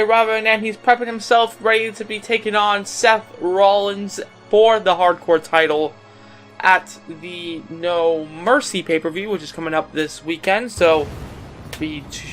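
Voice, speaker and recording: A young man giving play-by-play wrestling commentary over a video game as a gaming channel host, with an excited announcer voice, many fillers and self-corrections. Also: high-pitched, measured pace, faint music behind.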